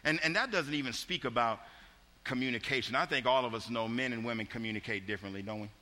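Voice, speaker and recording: A man's voice: mid-range voice, fast, sharp tone, in a large hall. A man preaching a sermon, telling a folksy story with frequent restarts and repeated words.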